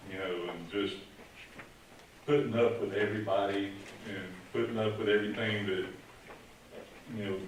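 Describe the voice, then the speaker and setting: A man's voice: lowish voice, slight background noise. A middle-aged man, telling a rambling, folksy story as a speech at a retirement ceremony. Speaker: retired police officer giving a retirement tribute. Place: large room at a ceremony. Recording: echoey room, speaker far from mic.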